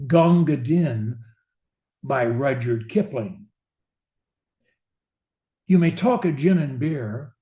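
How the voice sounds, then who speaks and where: A man who hosts a reading channel, introducing and then reading a poem aloud with deliberate, expressive feeling. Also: medium pitch, echoey room. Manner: slow, deliberate, expressive delivery. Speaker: poetry reader.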